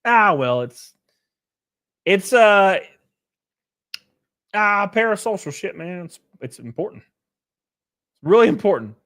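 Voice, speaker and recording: A man hosting his own livestream, rambling and swearing in a casual rant that swings between loud bursts and quiet mutters, chuckling often. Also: high voice, animated, takes it slowly, pauses often, smooth.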